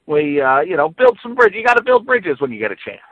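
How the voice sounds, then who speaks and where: A man's voice: a little high, huge pitch swings, a little fast, no room sound, phone-quality sound. A man co-hosting a casual podcast, talking hesitantly and stopping often to search for words. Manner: hesitant, many fillers and restarts. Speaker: podcast co-host.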